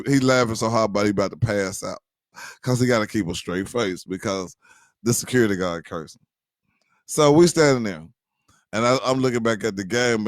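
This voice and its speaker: A man casually telling a funny personal story to his viewers, animated, addressing them directly and often checking that they follow. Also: lowish voice, dry recording, clean studio sound. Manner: animated, addresses listeners directly, many fillers.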